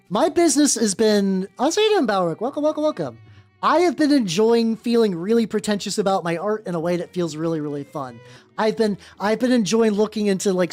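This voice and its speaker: A man with a naturally high voice chatting casually on a livestream while painting miniatures, rambling and swearing freely. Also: a little mellow. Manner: rambling, many fillers and restarts, swears freely.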